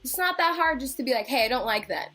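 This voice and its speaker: A woman's voice: sits high, animated, quick pace, pushed and bright. A young woman telling a casual storytime in a vlog, chatty, swearing freely and acting out what people said. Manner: chatty, swears freely, acts out quotes, laughs. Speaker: concert vlogger.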